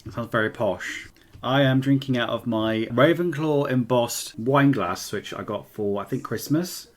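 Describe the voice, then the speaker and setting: A man's voice: mid-range voice, unhurried. A man co-hosting a casual podcast, a little tipsy and giggly as he chats. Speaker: podcast co-host. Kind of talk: casual chat.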